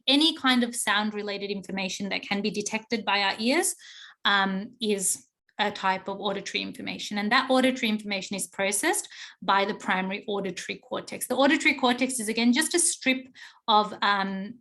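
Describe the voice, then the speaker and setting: A young adult woman, a psychology teacher explaining to her class, often checking in with "okay?" and pausing on fillers. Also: mid-range voice, a bit bright. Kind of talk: recorded online class lecture.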